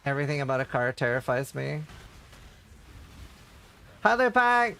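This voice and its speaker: A man's voice: mid-range voice, big pitch swings, moderate pace, vocal fry, pushed and bright, clean tone. A male streamer telling stories in casual livestream chat, rambling with lots of fillers. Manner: rambling storytelling, heavy on fillers.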